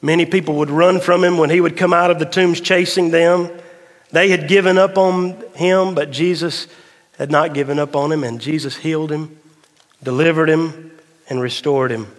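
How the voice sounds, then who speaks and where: Preacher, fairly high voice, dramatic delivery, church reverb. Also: male voice, fairly even intonation, moderate pace. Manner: folksy, tells a dad joke. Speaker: pastor. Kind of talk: sermon. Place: church sanctuary. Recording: long hall reverb of a church.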